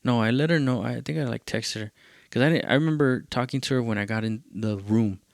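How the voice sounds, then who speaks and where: A man's voice: mid-range voice, a little fast, vocal fry, no echo, studio quality. A male podcast host, telling a loose, profane story in a casual rambling way and dropping in Spanish phrases.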